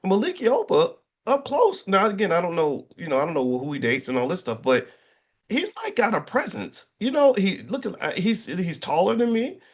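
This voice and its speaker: A middle-aged man talking casually to an audience, an animated storyteller who jokes and restarts his sentences often. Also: high voice, normal speed. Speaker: finance educator and speaker.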